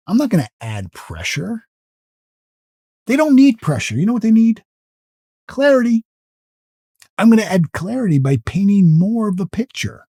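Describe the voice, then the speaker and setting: A middle-aged man giving an emphatic sales lesson, repeating key phrases and stammering on restarts, in a husky voice. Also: high-pitched, warm tone, no echo, clean studio sound. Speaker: sales coach.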